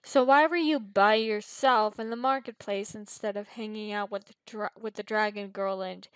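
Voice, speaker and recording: A woman's voice: medium pitch, fairly even intonation, moderate pace, clear, resonant tone, natural voice. A boastful young male fire demon talks down to everyone in a haughty, condescending tone, as a woman reads him aloud. The voice sits in a dry, close space with no echo.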